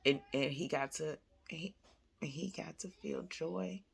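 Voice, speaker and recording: A woman, chatting with viewers at home in a casual faith-based vlog, animated and calling them y'all. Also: low voice, slow pace, gravelly, husky. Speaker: vlogger, mother. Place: at home, indoors.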